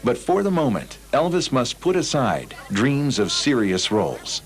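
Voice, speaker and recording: A man narrating a documentary in a scripted, expressive delivery. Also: medium pitch, unhurried.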